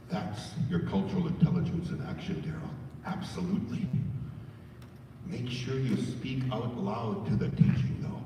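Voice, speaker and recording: A man's voice: mid-range voice, moderate pace, background noise. A man giving a folksy training talk to a room of staff, calling them folks. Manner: folksy, addresses the audience as folks. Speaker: presenter. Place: large room full of staff. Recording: roomy hall, far mic, dull.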